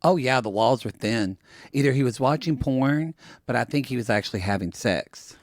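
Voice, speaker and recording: A man's voice: animated, moderate pace, no room sound, clean studio sound. A man co-hosting a podcast, chatting in a gossipy way. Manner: gossipy, jumps into high-pitched impressions. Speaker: podcast co-host. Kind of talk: casual recap chat.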